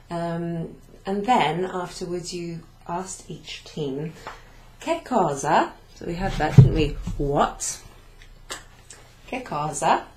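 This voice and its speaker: A woman's voice: fairly low pitch, mellow. A woman teaching a beginner language class, explaining patiently, repeating phrases and writing on a board as she goes. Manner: writes on a board while talking, turning away at times. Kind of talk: recap of a beginner Italian class. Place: classroom-like room with a whiteboard. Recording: echoey room, faint background hum.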